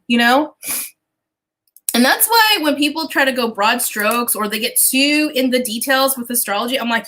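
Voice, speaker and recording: A woman hosting a casual livestream as a business coach and astrologer, chatty and animated, swearing casually and talking straight to her viewers. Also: sits high, moderate pace, low-quality recording.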